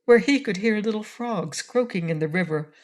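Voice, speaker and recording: A woman narrating a classic children's storybook aloud in a steady reading voice. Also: medium pitch, normal speed. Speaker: audiobook narrator.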